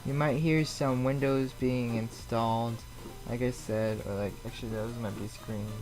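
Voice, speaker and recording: A man's voice: medium pitch, fairly even intonation, normal speed. A man streaming a flight simulator from home, chatting loosely and answering viewers' messages aloud as they come in. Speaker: flight sim live streamer. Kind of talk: casual live-stream chat.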